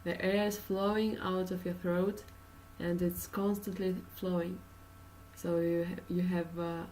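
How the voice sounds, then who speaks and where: A woman's voice: fairly low pitch, little pitch movement, unhurried, warm tone, distant mic, slight background noise, poor audio. A woman from Russia with a Russian accent, teaching an English pronunciation lesson with many uh and um fillers and patient explanations.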